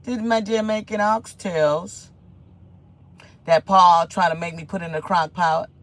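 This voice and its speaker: A woman's voice: fairly low pitch, a little slow. A woman, chatting casually to her viewers from her home kitchen and telling a rambling story with lots of repetition. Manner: animated, rambling storytelling with repeated phrases. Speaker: vlogger.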